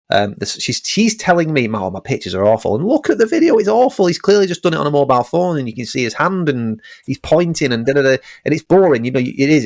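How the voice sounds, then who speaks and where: A man's voice: on the low side, no room sound. A man co-hosting a casual podcast as an estate agent, chatting with lots of ums and restarts and re-enacting his clients.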